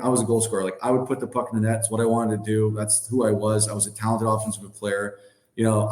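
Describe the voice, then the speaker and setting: A man's voice: lowish voice, darkish tone. A man in his thirties, a former hockey player as a podcast guest, telling stories in a loose, rambling way full of "like" and "you know". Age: 30s. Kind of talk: casual storytelling. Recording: roomy echo.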